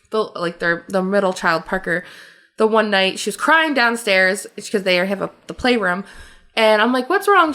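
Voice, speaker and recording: A woman co-hosting a podcast, telling stories in a casual, animated way with frequent laughter and lots of fillers. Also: mid-range voice. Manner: animated storyteller, laughs often, many fillers. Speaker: podcast co-host. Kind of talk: casual chat.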